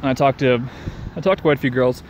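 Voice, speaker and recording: A man's voice: mid-range voice, quick pace, slight background noise. A man talking in a rambling, profane casual rant, repeating himself and chuckling between sentences.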